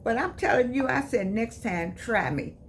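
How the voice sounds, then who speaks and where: An older American woman hosts her own channel and talks casually to viewers in a repetitive, preacher-like cadence. She's an author, and her fairly high voice has lively intonation at a normal speed, with slight background noise.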